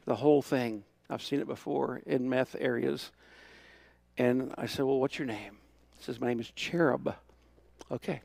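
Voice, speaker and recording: A middle-aged man preaches with a drawl, his voice carrying a gravelly rasp. He tells stories with lively quoted dialogue, dropping to quiet asides and then pressing a point with emphasis. The sound is dry and close, with no room around it. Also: medium pitch, no echo. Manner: storytelling with quoted dialogue, shifting from hushed to emphatic. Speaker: pastor. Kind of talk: sermon.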